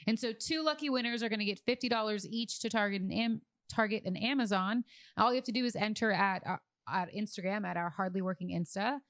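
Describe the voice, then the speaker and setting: A woman's voice: mid-range voice, fast, fairly bright tone, dry recording, clean studio sound. A woman in her thirties co-hosting a casual podcast, chatty and upbeat, laughing easily. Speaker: podcast co-host. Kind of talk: casual chat.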